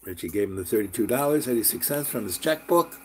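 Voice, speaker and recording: A man's voice: medium pitch, fast, slight background noise. New guy rambling through an old story, lots of restarts and side notes. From New York. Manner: rambling, animated, many restarts and asides. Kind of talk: casual spoken storytelling.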